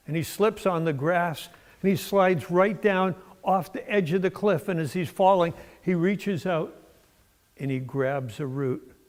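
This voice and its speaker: An older man from Massachusetts giving a sermon in a church, telling stories in a folksy, unhurried way with fillers. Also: fairly high pitch. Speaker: preacher. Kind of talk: sermon with storytelling. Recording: long church reverb.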